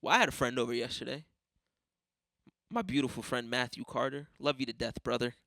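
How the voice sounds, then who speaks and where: A man's voice: medium pitch, a little fast, pushed and bright, dry recording, clean studio sound. A young man hosting a podcast, ranting casually with lots of swearing and telling stories by acting out other people's voices. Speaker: podcast host. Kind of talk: casual monologue.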